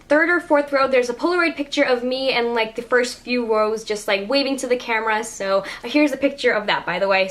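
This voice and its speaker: High-voiced young woman gushing excitedly. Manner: gushing, excited, constant "like" fillers. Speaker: vlogger. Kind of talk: casual storytelling vlog.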